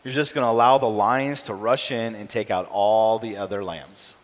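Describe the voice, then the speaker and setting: A middle-aged man preaching a sermon in a casual, conversational way, often tagging his points with a quick question to the room. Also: lowish voice, fairly even intonation. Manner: conversational, frequent tag "right?". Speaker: pastor. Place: church sanctuary. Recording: long hall reverb.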